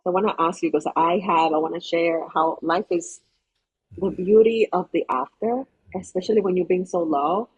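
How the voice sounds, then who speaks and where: A woman's voice: on the low side, steady tone, moderate pace, husky, dull audio. A woman hosting a podcast interview, effusive and encouraging in her questions. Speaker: podcast host.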